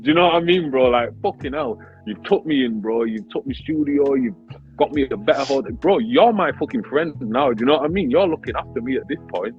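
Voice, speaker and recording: A man, a grime artist and battle rapper telling a story in a casual interview, animated, swearing often and saying "bro" all the time. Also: mid-range voice, brisk. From Leeds, England. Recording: tinny phone-like sound with faint music.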